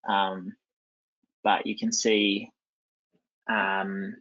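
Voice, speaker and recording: A man giving a live software demo at a conference, talking loosely with many ums and restarts. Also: lowish voice, level tone, extremely slow. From New Zealand. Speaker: conference presenter. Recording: dull lo-fi sound.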